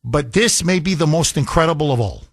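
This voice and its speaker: Combative high-voiced talk radio host. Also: male voice, expressive, a little fast, husky. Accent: slight foreign accent. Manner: combative, incredulous, rhetorical questions. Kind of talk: opinionated talk radio monologue.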